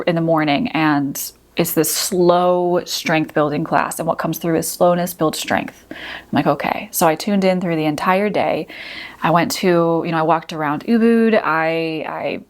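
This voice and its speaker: A woman with a slightly low voice tells a personal story as a podcast host. She talks casually and reflectively, often filling her sentences with "you know" and "like". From United States. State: teary at moments.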